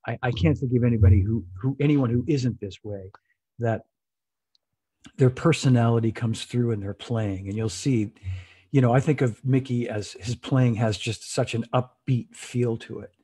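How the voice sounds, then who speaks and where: A man's voice: mid-range voice, normal speed, warm tone, husky. A man hosting a live online chat, introducing his guest enthusiastically with frequent restarts. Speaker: host. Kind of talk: casual interview. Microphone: video call.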